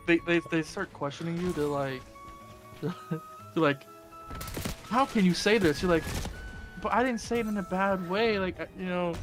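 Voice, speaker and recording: A young man chatting casually on a game stream, rambling and teasing with a playful manner. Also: high voice. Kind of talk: casual gaming stream chat.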